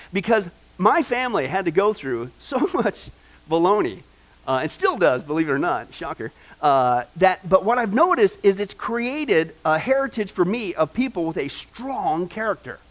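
A male pastor preaching a sermon, telling family stories in an animated way with many "uh" fillers. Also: a little high, normal speed.

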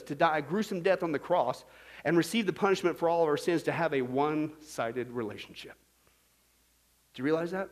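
A pastor delivering a lively sermon, his voice sitting high for a man. He keeps it humorous and animated, throwing questions at the congregation and acting out small scenes to make his point.

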